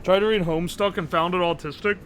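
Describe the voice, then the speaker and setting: A man's voice: high-pitched, steady tone, quick pace, fairly bright tone, slight background noise. A man streaming live, reading his chat aloud and reacting in a joking, profane way. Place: home streaming setup.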